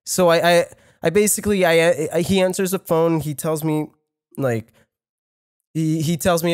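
A man's voice: on the high side, steady tone, normal speed, darkish tone, clear, resonant tone, dry recording, clean studio sound. A young man on a podcast, telling a personal story in casual chat, rambling with many fillers, restarts and swearing. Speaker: podcast co-host.

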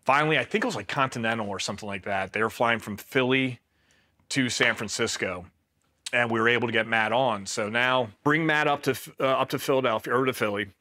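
A man in his forties from Pennsylvania, a veteran guest recounting events in a relaxed, chatty way. His voice is bright and forceful, with a middling pitch. He slips into the voices of the people he quotes and leans on filler words. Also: fairly quick. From Pennsylvania, USA. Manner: retells events by acting out quoted dialogue, many "like" fillers. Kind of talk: casual storytelling.

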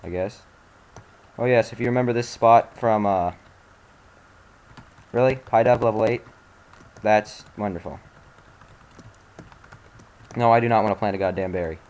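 An irritated young man talks over his gameplay in a fairly low voice. He grumbles, sighs, and swears at the game, sounding fed up throughout. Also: normal speed, pauses often, a little mellow. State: angry, frustrated. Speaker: let's play commentator. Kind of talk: casual gameplay commentary.

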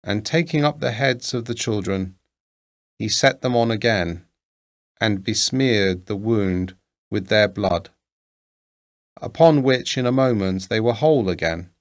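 Slow, gravelly male storyteller. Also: lowish voice. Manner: measured, deliberate storytelling. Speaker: narrator. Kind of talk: reading a fairy tale aloud.

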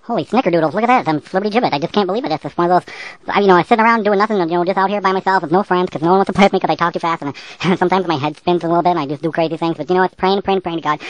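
A woman voicing a hyperactive, taunting, foul-mouthed cartoon character who talks in rapid, mocking, sing-song jabs. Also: lowish voice, natural voice. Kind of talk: cartoon voice acting.

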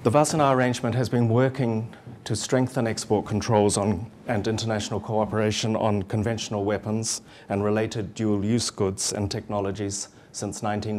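A middle-aged man with a New Zealand accent giving a formal lecture to students, measured and steady with frequent um fillers. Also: on the low side, a little hiss or hum. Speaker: guest lecturer.

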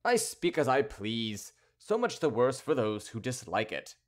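A man's voice: medium pitch, big pitch swings, measured pace. A man voicing a brash young Gascon swordsman. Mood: scornful. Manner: blunt, scoffing, defiant.

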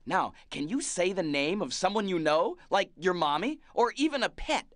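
A woman's voice: lowish voice, lively intonation, moderate pace, dry recording, close to an everyday voice. A woman voicing a patient cartoon bus driver in a children's game, coaxing the player with questions and praise. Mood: encouraging. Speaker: game guide prompting the player.

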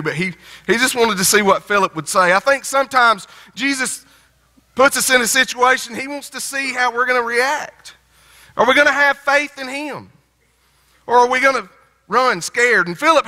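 A man's voice: sits high, a little fast, sharp tone. A man preaching a sermon in a folksy, conversational way, often restarting his phrases. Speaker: pastor. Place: church sanctuary. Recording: church sanctuary with long reverb.

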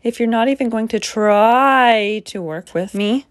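A woman's voice: on the high side, measured pace, no echo, studio quality, close to an everyday voice. A woman voicing a big, scruffy male monster who slurps, slobbers and whines. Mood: goofy. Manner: slurping and whiny.

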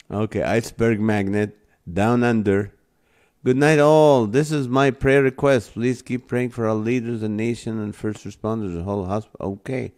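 A man's voice: lowish voice, a little mellow. A man hosting a live stream, reading viewer comments aloud and laughing often, at times to tears. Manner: slow, drawn-out delivery.

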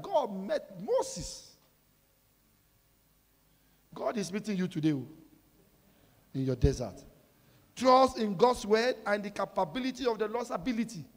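A man preaching a sermon as pastor, asking the congregation questions and breaking into sudden shouts. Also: high-pitched. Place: large church hall. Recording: reverberant hall with music behind.

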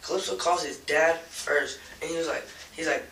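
Young male suspect, rambling halting delivery, gravelly edge, distant roomy recording. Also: on the high side. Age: young adult. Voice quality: rambling, full of restarts. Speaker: suspect being interrogated. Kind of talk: halting recounting of events. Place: interrogation room. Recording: roomy, from a distance, faint noise.

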